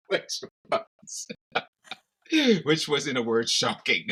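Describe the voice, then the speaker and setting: A man co-hosting a casual podcast chat, playful and quick to laugh. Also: medium pitch, slightly rough, poor audio. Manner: laughs often, animated and playful. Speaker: podcast co-host.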